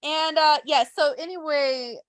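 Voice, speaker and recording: A woman co-hosting a casual podcast who swears freely and retells events with quick quoted asides. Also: sits high, dry recording. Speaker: podcast co-host. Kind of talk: casual chat.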